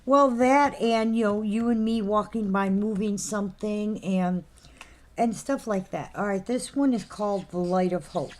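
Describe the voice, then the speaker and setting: A woman hosting a live figurine sale in casual chat, reading out item names and numbers slowly and clearly. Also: medium pitch, darkish tone, a little hiss or hum.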